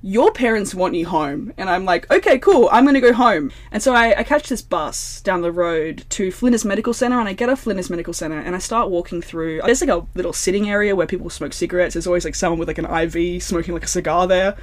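A woman, an interview guest telling a long dream story in a casual, animated way, full of "like" and acted-out dialogue. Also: lowish voice, fast talker, hardly any pauses.

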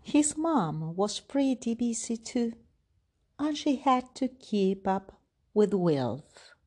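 A woman hosting a podcast, reading a children's story aloud in an expressive, sing-song storytelling manner. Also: fairly high pitch, slow pace.

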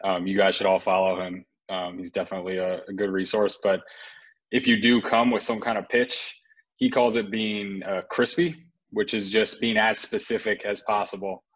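A man giving casual sales advice on a panel in a measured, even way. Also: lowish voice, slightly rough. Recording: dull lo-fi audio.

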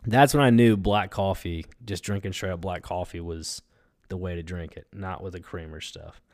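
A man's voice: deep voice, fairly even intonation, moderate pace, a little mellow. A young man, hosting a casual solo podcast from home, rambling with lots of fillers. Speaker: podcast host.

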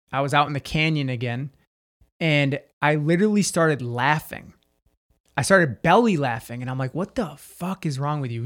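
A man candidly telling a personal story as a podcast guest, intense and emphatic, cursing freely. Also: fairly high pitch.

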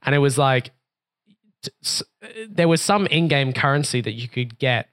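A man's voice: medium pitch, normal speed, fairly bright tone. A young man, co-hosting a casual podcast chat and telling rambling stories with plenty of casual swearing. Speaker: podcast co-host.

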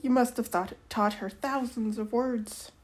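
A woman's voice: fairly high pitch, steady tone, a little slow, pitched above the performer's own voice, close to an everyday voice. A woman reading aloud, voicing a caring mother who talks about her daughters in a slightly lifted voice. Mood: tender. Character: caring, emotional mother of two girls.

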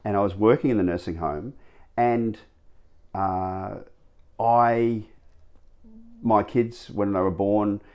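A man, telling his stories as an interview guest, rambling and animated with many restarts. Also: lowish voice, takes it slowly, long pauses, smooth. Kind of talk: casual storytelling interview.

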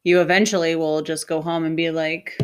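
A woman co-hosting a podcast in casual chat, playful and agreeable and quick with jokes. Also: low-pitched, flat delivery, a little hiss or hum. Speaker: podcast co-host.

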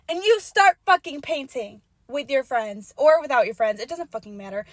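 A young woman hosting her own solo podcast, rambling and swearing freely, swinging between low mutters and loud yelling. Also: animated, moderate pace, no room sound. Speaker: podcast host.

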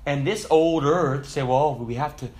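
Man preaching a sermon, slightly high voice. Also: a little slow, a little mellow. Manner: conversational preaching with joking asides; rises to emphatic, higher-pitched preaching. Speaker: pastor.

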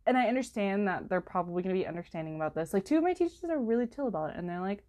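A woman's voice: racing, hardly any pauses. A teenage girl chatting casually to camera as a student vlogger, rambling and peppering her talk with "like" and "literally", her voice jumping up when she gets exasperated. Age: teens. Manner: rambling, heavy use of "like" and "literally"; animated, jumps in pitch when exasperated.

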